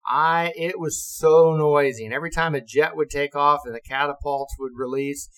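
A man's voice: on the high side, normal speed, very noisy. Older man telling navy stories. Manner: lively, acts out quotes, swears and laughs. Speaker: retired navy officer. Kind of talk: casual storytelling.

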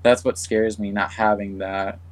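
A man talking casually on a podcast, rambling and trailing off as he thinks out loud. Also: fairly low pitch, little pitch movement, unhurried, rough recording. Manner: rambling, trails off and restarts, soft-spoken. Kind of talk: casual chat.

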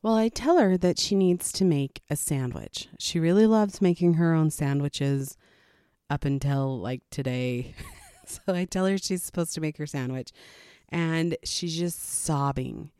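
A woman's voice: low voice, measured pace, mellow, clear, resonant tone, dry recording, studio quality. A woman, a parent, telling a casual story about her child, candid and laughing lightly now and then.

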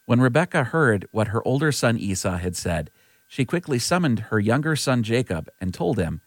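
Man, scripture reading, low pitch, lively melody, dry close recording. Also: no echo. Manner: earnest, measured. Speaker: scripture reader.

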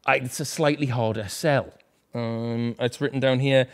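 A man's voice: medium pitch, fairly even intonation, unhurried. A man with a British accent hosting a comedy news roundup, delivering scripted items with sarcastic asides and swearing. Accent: British English.

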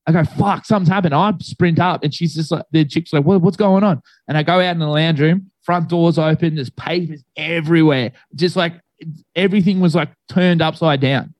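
A young man tells a spooky story to friends, rambling through fillers and swearing freely. His voice sits a little high for a man. The sound is dry and close, with no room around it. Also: steady tone, moderate pace, dry recording, low-quality recording. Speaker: guest telling a ghost story. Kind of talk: casual storytelling among friends.

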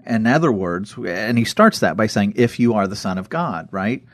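A man in casual conversation, retelling Bible stories with lively acted-out quotes. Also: on the low side, moderate pace, few pauses, no echo, studio quality. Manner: animated storytelling, acts out quoted voices.

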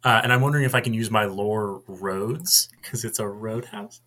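Male player, low and bright, full of questions. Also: normal speed. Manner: asks questions, hedges with "like". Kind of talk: tabletop game play.

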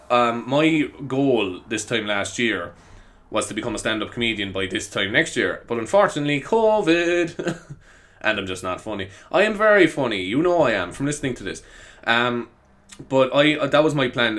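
A man's voice: medium pitch, fairly bright tone. A young man hosting a casual solo podcast, rambling off topic and laughing at his own jokes in a self-mocking way. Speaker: podcast host.

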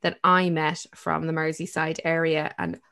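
Irish woman, podcast co-host, casual chat, effusive, low pitch, vocal fry. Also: little pitch movement, normal speed, a bit bright. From Ireland. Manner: chatty and effusive.

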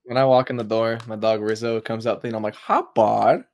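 A man's voice: fairly low pitch, level tone, very fast, a little mellow, no room sound, lo-fi sound. A young man co-hosting a podcast in easygoing casual chat, full of "dude" and swearing. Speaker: podcast co-host.

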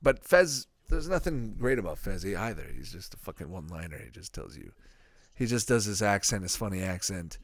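A man's voice: sits low, brisk, hardly any pauses, dry recording. A man hosting a podcast, chatting casually and rambling, with frequent swearing. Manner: profane, rambling, animated. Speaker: podcast host reviewing a sitcom.

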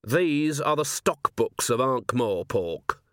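A man's voice: medium pitch, expressive, takes it slowly, fairly bright tone, no echo. A man voicing a weary, blunt male watch commander who talks in a dry, clipped way. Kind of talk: audiobook character voice.

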